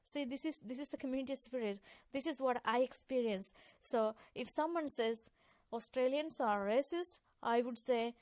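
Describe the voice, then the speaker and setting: A young woman earnestly telling a personal story, halting and restarting as she goes. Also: high-pitched, a little mellow, dry recording. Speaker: migrant sharing a personal story. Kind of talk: personal anecdote.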